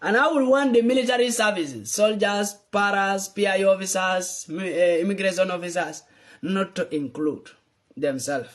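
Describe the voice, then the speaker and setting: A man speaks in a high voice, delivering an impassioned political address. He swings between fiery, accusing outbursts and low, urgent pleading. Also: moderate pace. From Gambia. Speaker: political commentator.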